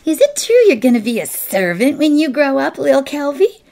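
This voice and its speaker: A woman's voice: very animated, normal speed, creaky, warm tone, exaggerated voice. A woman voicing a bold, spiteful schoolgirl taunting a classmate, in a storybook reading. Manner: shrill, taunting.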